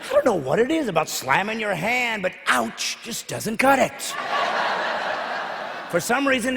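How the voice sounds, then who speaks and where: Gravelly man in a low-key stand-up set. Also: big pitch swings, unhurried, pauses often. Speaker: comedian. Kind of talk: stand-up routine. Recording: live hall with reverb and noise.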